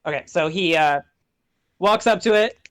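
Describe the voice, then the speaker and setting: A man narrating as dungeon master in a casual, halting way. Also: sits high, a bit bright. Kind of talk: narrating a tabletop game.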